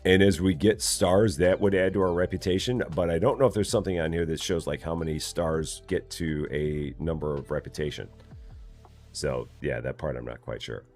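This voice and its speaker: A man's voice: rumbling low, steady tone, normal speed, a little mellow, soft background music. A man streaming a game live, chatting casually, reading chat aloud and joking in a rambling way.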